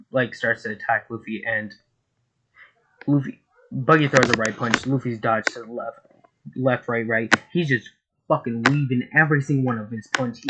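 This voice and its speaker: A man's voice: medium pitch, moderate pace. A man casually narrating fan fiction in a rambling, profane way with lots of fillers. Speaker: YouTube storyteller. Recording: noisy home recording.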